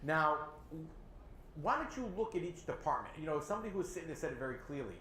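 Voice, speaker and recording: A man with a New England accent hosting a local talk show, animated and sarcastic as he criticizes city leaders. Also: on the high side, quick pace. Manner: animated, sarcastic, mocks others in put-on voices. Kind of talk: opinionated local politics discussion. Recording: echoey room with faint ambient noise.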